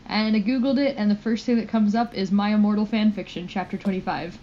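A woman's voice: medium pitch, steady tone, fast, warm tone, dull audio, slight background noise. A woman co-hosting a comedy podcast, reacting with incredulous remarks and laughter. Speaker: co-host reacting to the reading.

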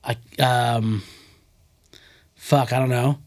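A man's voice: mid-range voice, fairly even intonation, extremely slow. A young man hosting a casual movie-review podcast, joking and swearing with lots of fillers. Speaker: podcast host.

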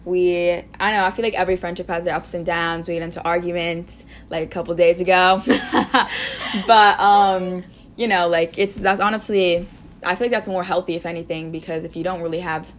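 Laid-back teenage girl, lowish voice. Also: steady tone, normal speed. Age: teens. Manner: rambling, frequent "like" and "you know", laid-back. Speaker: podcast co-host. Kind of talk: casual chat.

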